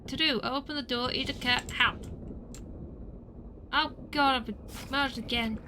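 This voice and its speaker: A woman's voice: high-pitched, steady tone, a little slow, noisy background. A woman streamer playing a game, joking and talking to herself with rambling questions. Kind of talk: casual game let's play.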